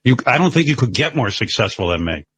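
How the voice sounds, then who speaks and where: Husky, indignant man ranting on radio. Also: medium pitch, sing-song, fast talker, fairly bright tone, dry recording. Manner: indignant, ranting, swears freely. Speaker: radio show host. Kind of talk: profane radio show banter.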